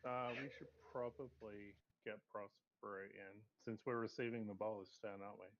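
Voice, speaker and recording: A man's voice: lowish voice, steady tone, moderate pace. Dry, terse male player on a muffled voice-chat line. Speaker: tabletop game player. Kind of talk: casual game chat over voice call.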